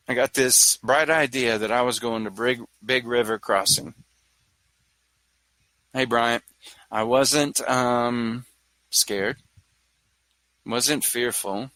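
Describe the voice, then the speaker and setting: Stammering man, forceful voice. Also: mid-range voice, no echo, low-quality recording. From Louisiana. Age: 40s. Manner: rambling, stammering restarts, jokey. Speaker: speaker on mental health. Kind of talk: casual talk to an audience.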